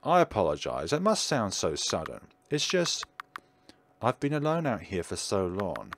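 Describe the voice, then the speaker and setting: A man voicing a lonely, motherly woman witch who lives in the woods, gentle and polite as he reads game dialogue aloud. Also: lowish voice, wildly swooping pitch, normal speed, a little hiss or hum. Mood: wistful.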